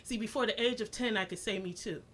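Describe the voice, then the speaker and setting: A woman's voice: medium pitch, fast talker, husky. A woman in her thirties from the New Jersey shore, a spoken word poet and activist who performs in a rhythmic style with repeated refrains. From Asbury Park area, New Jersey. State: emotional, voice catching.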